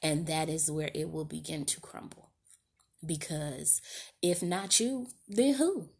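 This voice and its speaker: A woman's voice: deep voice, slow, vocal fry, a little mellow, breathy edge. A woman hosting a podcast, giving a candid, slangy monologue straight to her listeners. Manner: candid, slangy and conversational, addressing listeners directly. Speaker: podcast host. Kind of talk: casual heartfelt monologue.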